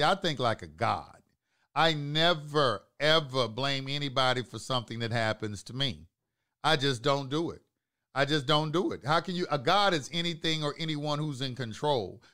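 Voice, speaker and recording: A man hosting an online talk channel, delivering an emphatic, preachy monologue to live viewers, repeating phrases for emphasis and swinging from low asides to loud outbursts.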